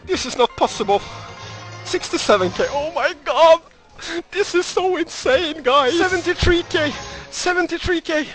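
A man with a Norwegian accent streaming a slot game live, shouting and swearing in frantic excitement over his wins. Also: extremely high pitch, moderate pace, faint music behind.

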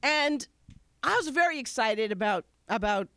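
A woman's voice: a little high, animated, normal speed, pushed and bright, dry recording. A woman from Wisconsin telling a personal story on stage in a candid, conversational and self-mocking way. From Wisconsin, USA. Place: stage at a live storytelling show.

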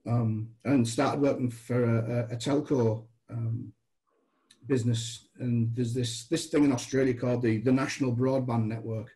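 A man from England chats as a podcast guest, telling long anecdotes and putting on voices for the people in them. His voice is warm and mellow. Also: medium pitch, moderate pace, low-quality recording. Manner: animated storyteller, acts out dialogue. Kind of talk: anecdotal storytelling.

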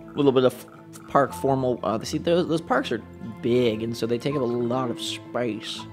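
A man casually thinking aloud while commenting on a city-building game, unsure of himself and talking to his viewers. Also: medium pitch. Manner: rambling, thinking aloud, self-doubting; talks to the viewers. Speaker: let's play commentator.

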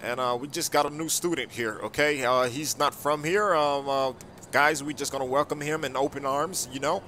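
Bright-voiced hesitant role-play teacher man. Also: a little high, fairly even intonation, normal speed, a little hiss or hum. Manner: hesitant, full of uh fillers and restarts.

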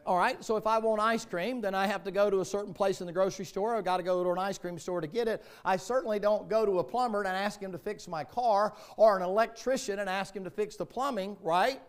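A man's voice: sits high, fairly quick, clear, resonant tone. A man with a Southern US accent preaching a sermon as pastor, in a folksy, joking storytelling manner.

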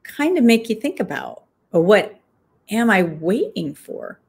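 A woman's voice: mid-range voice, big pitch swings, unhurried, creaky, a little mellow, breathy edge. A woman, an author and guest, answering interview questions reflectively and thinking aloud with frequent fillers.

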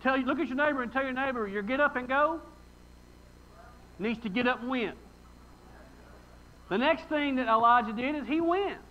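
A man's voice: very high-pitched, normal speed, pauses often, dull audio. A pastor preaching a sermon in a folksy, emphatic way, reading scripture and asking his congregation rhetorical questions.

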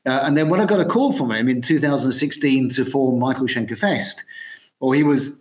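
A man's voice: medium pitch, fairly quick. A man in his sixties, a guitarist being interviewed, chatting casually with many ums and restarts. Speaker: guitarist guest.

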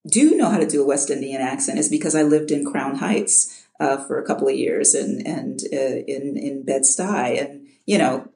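A woman's voice: extremely low pitch, moderate pace, gravelly, few pauses, dark tone, roomy sound. A middle-aged woman from Chicago, an audiobook narrator, talking casually in an interview, often restarting with repeated words and laughing.

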